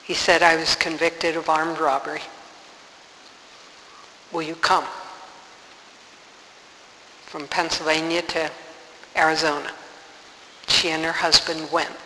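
A woman's voice: sits low, flat delivery, slow pace, long pauses, sharp tone. A woman telling a story as a sermon, earnest and dramatic in her retelling. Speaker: religious speaker. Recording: reverberant hall, faint hiss.

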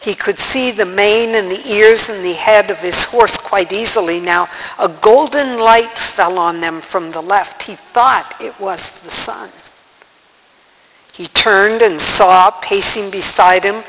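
Slow, high-voiced male storyteller. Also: in a large hall, rough recording. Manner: unhurried, gentle storytelling. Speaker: narrator. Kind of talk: storybook reading aloud.

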